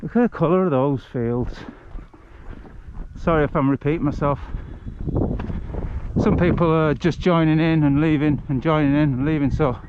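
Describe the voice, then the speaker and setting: A British man rambling to his viewers while he walks along a country path, a little out of breath. His voice sits fairly high, and it comes through dull, lo-fi phone audio. Clear outdoor noise runs behind him. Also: moderate pace, long pauses. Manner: chatty, rambling, addresses viewers by name. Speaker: charity walker live-streaming. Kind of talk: casual live-stream chat while walking. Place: outdoors on a country path among rice fields.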